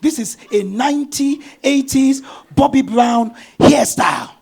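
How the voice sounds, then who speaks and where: High gravelly-voiced preaching man. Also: a little slow. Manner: animated storytelling, bursts of shouting. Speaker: pastor. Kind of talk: sermon.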